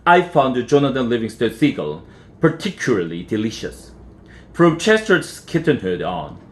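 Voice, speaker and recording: A man with a Korean accent, an English teacher reading a children's novel aloud with careful pronunciation. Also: medium pitch. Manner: careful, deliberate reading with lively intonation.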